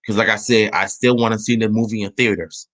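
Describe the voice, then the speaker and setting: A man hosting his own channel talks through a movie trailer in a loose, casual way. His voice sits on the low side, and he rambles, restarts sentences and rushes his words when he gets excited. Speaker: channel host. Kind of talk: casual trailer review chat.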